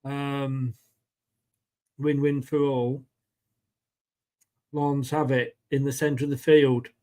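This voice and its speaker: A man's voice: mid-range voice, little pitch movement, takes it slowly, darkish tone. A man with an English accent hosting a fan watchalong, calling the play casually and chatting with viewers. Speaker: fan channel host. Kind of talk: live football watchalong commentary.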